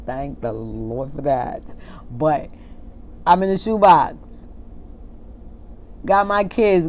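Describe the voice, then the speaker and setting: A woman preaching an informal, impassioned sermon, reading scripture slowly and then arguing with an imagined congregation. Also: on the low side, a little mellow, slight background noise. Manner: impassioned, talks back to an imagined congregation, laughs at herself; reads scripture slowly and deliberately.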